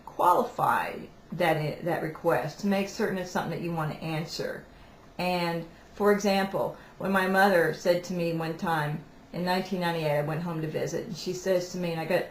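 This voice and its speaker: A woman with a fairly low voice gives casual spiritual advice straight to her listeners. She talks informally and often restarts her sentences. The recording is roomy and echoey, with a faint hiss underneath. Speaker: host of weekly spiritual messages. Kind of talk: casual teaching talk to camera. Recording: echoey room, faint background noise.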